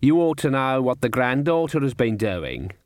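A man's voice: mid-range voice, big pitch swings, moderate pace, darkish tone, dry recording, natural voice. A man voicing a nervous, know-it-all talking raven that lectures in a raised, chatty voice for a storybook reading.

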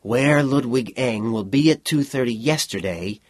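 A man's voice: medium pitch, unhurried, lightly acted. A man voicing a thoughtful official who speaks meditatively, in an audiobook reading. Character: thoughtful male official, measured.

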